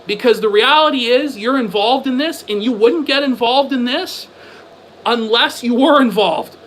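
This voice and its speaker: A man's voice: very high-pitched, normal speed, a bit bright, a little hiss or hum, rough recording. A man ranting on a livestream: combative, sarcastic and profane, firing off repeated rhetorical questions. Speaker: livestream commentator. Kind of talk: ranting stream commentary.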